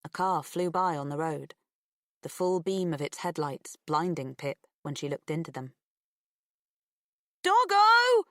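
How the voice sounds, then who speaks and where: A woman narrating an audiobook thriller in a measured, expressive reading. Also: sits low, dry recording, clean studio sound. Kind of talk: scripted narration.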